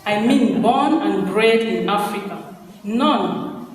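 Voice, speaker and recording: A man's voice: sits high, slow pace, distant mic, a little hiss or hum. A man reading aloud as a proud young man who argues with rhetorical questions, in an echoey hall. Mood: teasing. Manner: indignant, rhetorical. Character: proud young African man, sharp-tongued.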